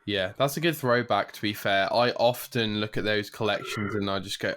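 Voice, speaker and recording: A man's voice: fairly low pitch, moderate pace, fairly bright tone. A man hosting a gaming podcast in casual, jokey chat. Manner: chatty, jokey, drops into silly accents. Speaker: podcast host.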